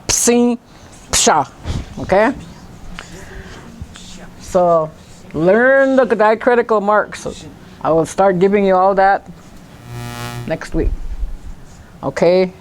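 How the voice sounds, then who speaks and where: A woman language teacher giving a classroom lesson, speaking slowly and deliberately and repeating words syllable by syllable. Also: mid-range voice, darkish tone, a little hiss or hum.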